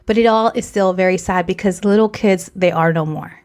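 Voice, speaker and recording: A woman's voice: mid-range voice, fairly quick, darkish tone. A woman in her forties, co-hosting a podcast, speaking candidly and emotionally and slipping Spanish phrases into her English. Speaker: podcast co-host. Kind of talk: emotional casual chat.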